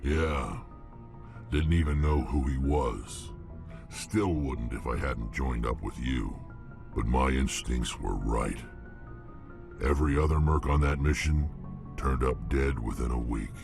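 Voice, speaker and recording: A hulking alien mercenary from a video game, his voice sunk to an extremely low rumble. It grinds with a gravelly rasp. He talks in blunt, clipped bursts. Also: slow pace, music in the background, heavily acted. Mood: gruff. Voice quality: deep gravelly growl. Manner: blunt, clipped, terse sentences. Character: huge gruff alien mercenary, male, battle-hardened.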